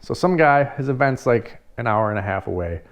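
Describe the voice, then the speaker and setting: A man who runs a party rental business, telling a story casually in an animated way, swearing freely and laughing now and then. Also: mid-range voice, brisk, dull audio.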